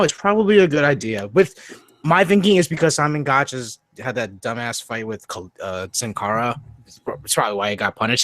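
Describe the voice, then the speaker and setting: A man co-hosting a casual wrestling podcast, excitable and jokey, swearing and mimicking wrestlers as he talks. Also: a little high, no room sound. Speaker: podcast co-host.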